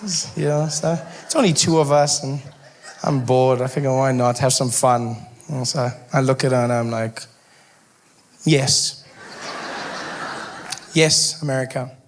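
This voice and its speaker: A man from South Africa with a South African accent, doing stand-up comedy with animated storytelling on a stage mic. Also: mid-range voice, normal speed. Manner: animated storytelling, shifts into character voices. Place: comedy stage before a live audience.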